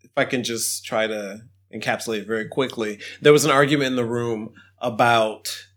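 A man co-hosting a podcast, telling a story in a calm, measured, reflective way. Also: medium pitch. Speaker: podcast co-host. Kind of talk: casual conversation.

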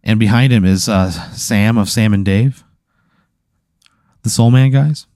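A man with a fairly low, mellow voice leads an improvised story, rambling and packing in fillers. The sound is dry and close. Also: measured pace, no echo. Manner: rambling, filler-heavy narration. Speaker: game master of an improv bit.

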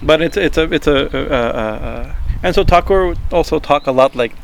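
Gravelly man with a halting talk. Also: a little high, slight background noise. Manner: halting, repeats words, frequent "right?" asides; chuckles while explaining. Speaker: spiritual teacher. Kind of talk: informal spiritual talk.

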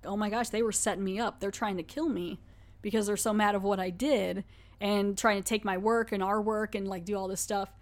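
A woman's voice: medium pitch, steady tone, brisk. A woman podcast host giving a rambling, chatty recap of a TV episode and laughing often.

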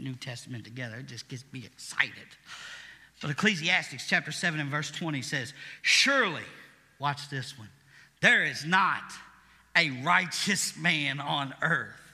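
A male pastor preaching a sermon, swinging from quiet, intimate passages to shouted praise. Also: on the high side, in a large hall.

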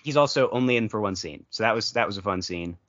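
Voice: mid-range voice, animated, fast, a bit bright, muffled recording. A podcast co-host chatting casually about movies, telling long rambling stories with playful quoted asides.

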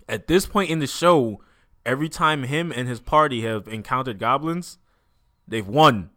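A man's voice: mid-range voice, expressive, normal speed, sharp tone. Man recapping an episode, full of slang. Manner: slangy recap with acted-out quotes and laughs. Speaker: podcast co-host. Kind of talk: casual anime chat.

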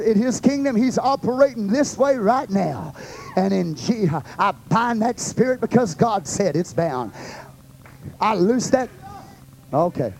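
A man with a Texan accent, a pastor teaching a Bible study to a group, preaching with passion that swings between loud and hushed. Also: sits high, a little hiss or hum, low-quality recording. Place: church meeting room with a group.

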